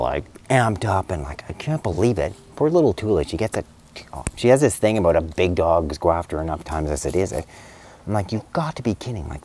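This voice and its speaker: Man, deep voice, middle-aged, veterinarian, chatty rambling advice, lots of fillers. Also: a little mellow, slight background noise. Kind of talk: casual spoken advice video.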